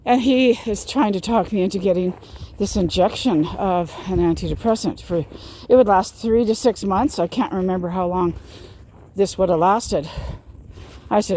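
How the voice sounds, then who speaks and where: Woman, vlogger, casual storytelling, emphatic, repeats herself, mid pitch, faint background noise. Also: moderate pace, dark tone.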